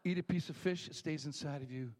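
A middle-aged man preaching a sermon, telling a story with animated acted voices and hushed moments. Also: on the high side, fast talker. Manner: animated storytelling, acting out voices, dropping to near whispers. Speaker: pastor.

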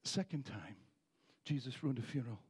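A middle-aged man preaching a sermon, telling a story with animated acted voices and hushed moments. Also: medium pitch, normal speed, slightly rough. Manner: animated storytelling, acting out voices, dropping to near whispers. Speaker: pastor.

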